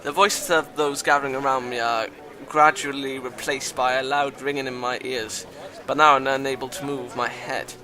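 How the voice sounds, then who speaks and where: A man reading a visual novel aloud in a dramatic voice, breaking off with loud exclamations, swearing and joking asides. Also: medium pitch, steady tone, normal speed, crowd noise. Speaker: visual novel let's-play reader.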